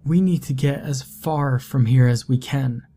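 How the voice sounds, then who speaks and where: A man's voice: mid-range voice, measured pace, dark tone, voice pushed up. A man voicing a terrified young woman who begs frantically in a horror story reading. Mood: frantic, pleading. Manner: frantic, pleading.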